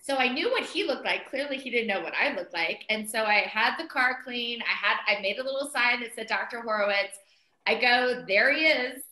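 A middle-aged woman telling a story in casual conversation, animated and chatty, full of "like" and "um" fillers as she quotes herself. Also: a little high, moderate pace. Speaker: interview guest, mother of the co-founder. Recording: roomy echo.

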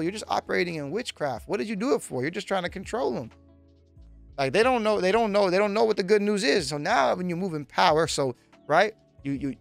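A man preaching a teaching sermon in a voice pitched a little high, driving his points home by repeating them and speaking straight to his listeners. The recording is dry and close, with faint music underneath. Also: vocal fry, dry recording. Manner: emphatic, repetitive, direct address to listeners. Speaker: pastor.

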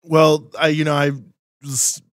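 A man's voice: fairly high pitch, completely flat delivery, unhurried, dry recording, clean studio sound. Blunt man hosting a political talk show. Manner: blunt and dismissive, many uh fillers. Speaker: co-host. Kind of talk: casual political commentary.

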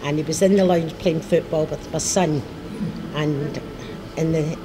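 A woman recalling a funny incident in a halting, amused way. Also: sits low, steady tone. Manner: halting, amused, laughing through words. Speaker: parishioner. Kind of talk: casual recollection. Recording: background noise.

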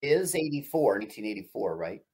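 Husky-voiced, lively podcast co-host. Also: mid-range voice, fairly quick. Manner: chatty, asks questions, laughs at the jokes. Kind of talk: casual film commentary.

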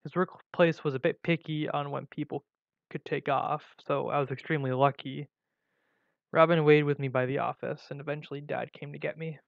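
A man reading a first-person story aloud in a plain, steady way, with small slips and restarts. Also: fairly high pitch, normal speed, gravelly, dry recording. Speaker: story reader. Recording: dull lo-fi recording.

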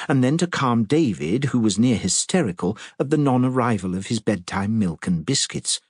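A man with a husky voice narrating an audiobook in an expressive storytelling manner. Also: mid-range voice, no room sound, studio quality.

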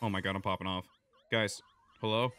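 A young man giving excitable live play-by-play commentary on his own match, chatty and quick, swinging between low mumbling and loud yelling at his teammates. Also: a little hiss or hum. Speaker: gaming video creator.

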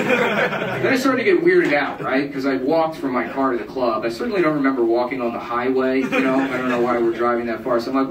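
A man in his thirties telling a self-mocking, deadpan stand-up story, acting out other people's voices. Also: mid-range voice, quick pace, distant mic. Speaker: stand-up comedian. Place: live music club stage. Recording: roomy crowd bootleg from afar, noisy. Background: audience laughter.

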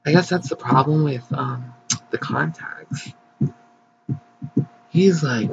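A man casually commenting as he plays a life-sim game, chatty, excitable and gossipy, recorded on slightly dull lo-fi audio. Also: mid-range voice, takes it slowly, vocal fry, long pauses, a little hiss or hum. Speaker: gaming channel host. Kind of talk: casual let's play commentary.

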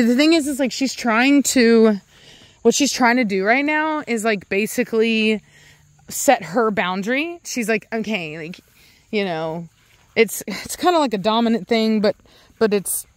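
A woman's voice: medium pitch, no room sound. A young adult woman hosting a casual vlog, talking in a rambling way with many restarts and stopping to coo at her dogs. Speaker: dog breeder and channel host.

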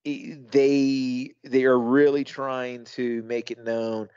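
A man's voice: mid-range voice, flat delivery, a little mellow, clear, resonant tone, no echo. Man, podcast co-host, casual wrestling talk, restarts sentences, emphatic, dry dull audio. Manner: thoughtful, halting restarts, emphatic asides.

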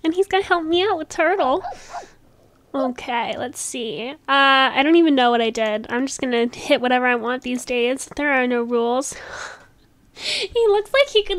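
A woman with a high, bright voice chats through a casual gameplay video. She gushes and talks quickly, with easy laughter. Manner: bubbly, gushing, quick with laughs. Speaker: gaming channel host.

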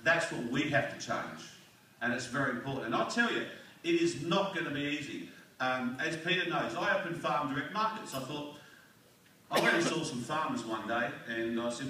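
A man's voice: medium pitch, expressive, moderate pace, pushed and bright, slight background noise. A man with an Australian accent giving a blunt, fired-up speech at a community forum, firing off rhetorical questions. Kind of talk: rousing political speech. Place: community hall. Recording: echoey hall recorded from far off.

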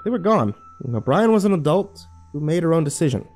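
A man narrating a first-person horror story in a wry, expressive way. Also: a little high, brisk, soft background music.

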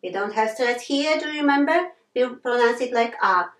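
A woman teaching a pronunciation lesson, slowly naming letter sounds in pairs and repeating example words. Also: a little high, animated. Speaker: language teacher. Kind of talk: slow classroom pronunciation lesson. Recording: echoey room from far off.

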